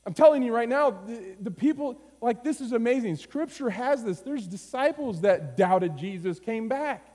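A man preaching a sermon, moving from low, quiet phrases to high, urgent pleading. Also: lively intonation, normal speed. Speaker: pastor. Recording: long hall reverb.

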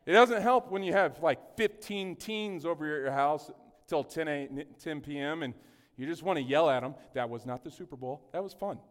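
A man's voice: on the high side, normal speed. A man preaching a casual, joking sermon, often asking the congregation questions. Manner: chatty, jokey, often asks the congregation questions. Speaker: pastor. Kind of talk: conversational sermon. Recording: long hall reverb.

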